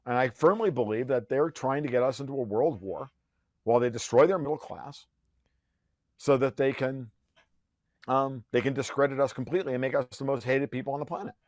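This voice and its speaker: A man's voice: medium pitch, a little fast, darkish tone, no echo, clean studio sound. A man who is a podcast guest, talking in a heated conversational rant. He is profane and sarcastic, and he often restarts his sentences.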